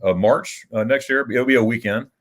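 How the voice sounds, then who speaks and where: A man's voice: mid-range voice, normal speed. Guy hosting a livestream, rambling along, laughs a lot, keeps restarting his sentences. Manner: rambling storyteller with frequent restarts and chuckles. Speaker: livestream host. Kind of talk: casual livestream chat.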